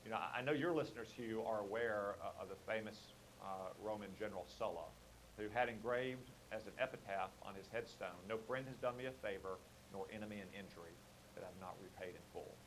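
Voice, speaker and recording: A lower-pitched man makes his case as a political guest on a radio show, steady and argumentative, often pausing on "uh" and "um." A faint hiss sits under his voice on the line. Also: low-quality recording. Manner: measured, argumentative, with frequent fillers. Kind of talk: radio interview.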